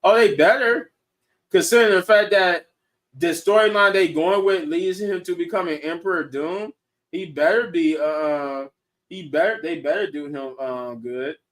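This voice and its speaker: A man hosting a casual online show, talking in an excited, rambling way and laughing often. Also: a little high, normal speed. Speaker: show host. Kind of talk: casual chat reacting to viewers.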